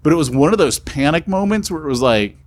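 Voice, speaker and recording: A man's voice: on the high side, animated, fast talker. A man co-hosting a podcast, telling a story in casual chat and acting out both sides of the conversation. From California. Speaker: podcast co-host.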